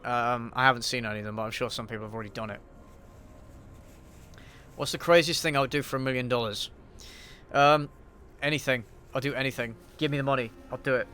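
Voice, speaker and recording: A man's voice: mid-range voice, quick pace, pushed and bright, a little hiss or hum. Offhand, sweary man on a stream. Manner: offhand, sweary, mutters to himself while playing. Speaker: YouTube host. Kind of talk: casual livestream Q&A while gaming.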